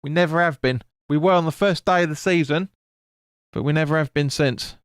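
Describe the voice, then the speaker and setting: A man's voice: on the high side, a little fast, smooth, no room sound, clean studio sound. A man streaming a football watch-along, calling the play and answering chat bluntly with swearing. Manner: blunt, sweary, chatty with viewers. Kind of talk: live match commentary and chat reading.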